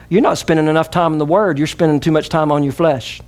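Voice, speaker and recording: Southern US pastor, middle-aged man, slightly high voice, emphatic preaching with call-and-response. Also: brisk, few pauses. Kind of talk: sermon.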